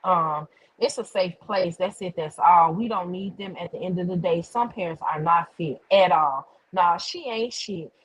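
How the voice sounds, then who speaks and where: A woman's voice: lowish voice, normal speed, breathy edge, rough recording. A woman hosting a casual livestream, telling a story bluntly with plenty of swearing and answering viewer comments. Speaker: livestream host.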